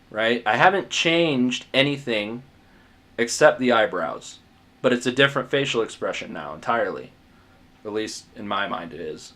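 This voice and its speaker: A man's voice: mid-range voice, animated, normal speed, pushed and bright. A man giving a casual drawing tutorial as he sketches, rambling, muttering asides to himself, self-mocking and swearing now and then. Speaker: art tutor.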